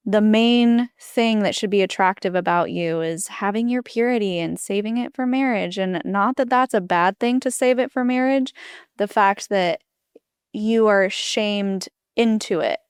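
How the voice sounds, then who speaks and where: Woman podcast host, very clear and smooth voice, dry close sound. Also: mid-range voice, moderate pace, no room sound. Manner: sympathetic, reflective commentary. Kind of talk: conversational interview.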